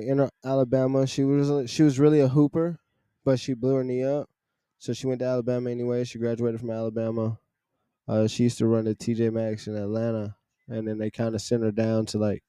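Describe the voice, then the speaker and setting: A young man casually telling a story from his retail job, animated and profane, often laughing and acting out the people he quotes. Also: medium pitch, smooth, dry recording. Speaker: podcast host telling a story.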